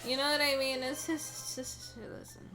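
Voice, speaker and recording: A woman's voice: high-pitched, little pitch movement, moderate pace, sharp tone, faint music behind. A woman streaming a game, chatting casually with her viewers in a tired, rambling, self-deprecating way. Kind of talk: casual live-stream chat.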